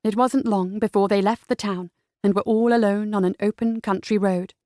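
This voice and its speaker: A woman's voice: medium pitch, steady tone, warm tone, no room sound. Woman narrating a romance audiobook, dry. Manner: measured storytelling. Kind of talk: scripted narration.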